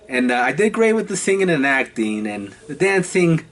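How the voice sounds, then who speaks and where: A man's voice: a little high, big pitch swings, a bit bright. Chatty young man telling theatre stories. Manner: chatty and halting, often laughing between phrases. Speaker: vlogger. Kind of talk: casual storytime vlog.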